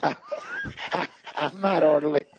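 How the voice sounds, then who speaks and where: A man's voice: a little high, steady tone, measured pace, vocal fry, muffled recording, slight background noise. A man telling rambling folksy stories in casual chat, repeating "he said" as he goes. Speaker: podcast guest storyteller. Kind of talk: casual storytelling.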